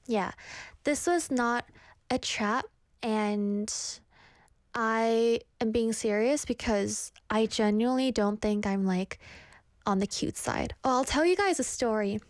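With a fairly high voice and slow pace, the young streamer talks with her audience, reads their comments and shares self-deprecating anecdotes full of lively quoted voices. The recording is dry and clean, studio quality.

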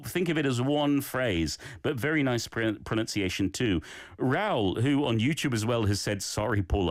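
A man's voice: on the low side, no echo, studio quality. A man teaching a daily Korean phrase and giving encouraging feedback on listeners' recordings. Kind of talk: casual language lesson.

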